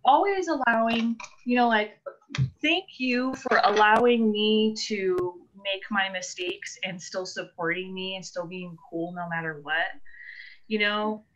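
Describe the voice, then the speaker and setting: A woman's voice: mid-range voice, unhurried, fairly bright tone. Gushing woman on a lo-fi video call. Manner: gushing, rambling, laughs often. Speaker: guest. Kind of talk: casual chat.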